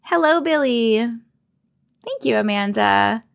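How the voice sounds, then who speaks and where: A woman's voice: on the high side, lively intonation, takes it slowly, creaky. A woman in her thirties hosting a casual live stream, bubbly and chatty, greeting viewers by name and reading their comments aloud into a desk mic. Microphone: desk condenser mic.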